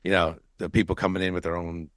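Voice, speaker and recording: Very deep laid-back man, dry mic. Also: little pitch movement, fast talker, fairly bright tone, dry recording. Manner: rambling, profane, laid-back. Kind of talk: casual podcast chat.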